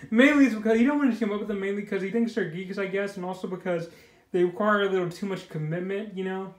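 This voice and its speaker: A man's voice: high-pitched, fairly quick. A man casually reviewing a comic book, rambling loosely and filling his talk with "you know" and "like". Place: indoors. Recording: echoey room.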